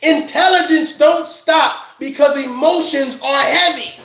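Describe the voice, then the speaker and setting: A man giving a heated, scolding commentary rant, loud and emphatic, often laughing as he talks. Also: extremely high pitch, measured pace, roomy sound. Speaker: commentary vlogger.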